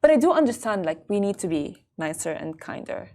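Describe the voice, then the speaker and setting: Woman, talk show co-host, animated, halting, restarts. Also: mid-range voice. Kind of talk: casual talk show chat.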